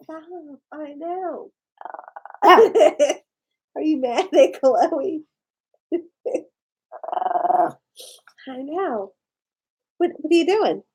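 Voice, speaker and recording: A woman's voice: sits high, animated, drawn-out words, pauses often, a little hiss or hum. A woman vlogger at home, cooing at her pets in baby talk and laughing often. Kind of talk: casual home vlog.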